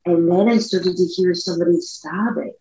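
A woman with a fairly low voice tells a personal story in a loose, chatty way, speeding up and slowing down as she goes. The recording sounds dull and lo-fi, with a roomy echo around her. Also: warm tone. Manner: chatty, rambling, speeds up and slows down. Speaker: podcast co-host. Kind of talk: casual storytelling chat. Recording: echoey room, dull lo-fi sound.

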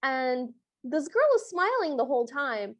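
Very high, lively-voiced woman podcast host. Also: a little slow, no echo. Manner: chatty, amused retelling. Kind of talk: casual chat recapping a film.

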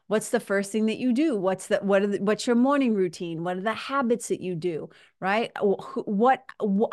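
A woman's voice: medium pitch, no echo, studio quality. Chatty, playful woman podcast host. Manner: chatty, playful, laughs often, with fillers and slang. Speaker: podcast host and life coach. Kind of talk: casual solo podcast talk.

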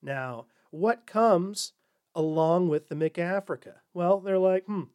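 A man's voice: high-pitched, slow pace, darkish tone, smooth. A man hosting a comedy podcast, delivering a sarcastic monologue and slipping into mocking corporate voices. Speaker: podcast host.

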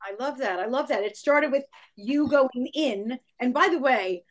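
High-voiced, enthusiastic woman host. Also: a little slow. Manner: enthusiastic, effusive praise. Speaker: podcast host. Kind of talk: conversational interview.

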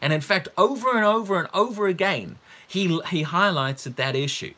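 A male preacher teaching from a Bible passage in a bright, forward voice. He is emphatic, leans on repeated words, and keeps putting rhetorical questions to his listeners. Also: high-pitched, expressive, moderate pace.

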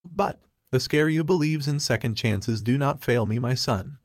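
A man's voice: medium pitch, moderate pace, no echo, clean studio sound, natural voice. A man voicing a stern, harsh older sultan king who speaks in a commanding, snapping tone.

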